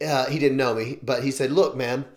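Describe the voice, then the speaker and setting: A man's voice: mid-range voice, fairly even intonation, a little fast. A man hosting his own show, talking earnestly through his opinions and often restarting sentences. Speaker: show host. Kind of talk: opinion vlog monologue. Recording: roomy echo.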